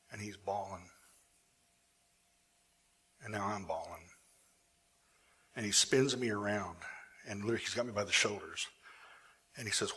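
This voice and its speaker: A male pastor telling a personal story in a sermon, animated at times and hushed in the emotional moments. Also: on the low side, slightly rough.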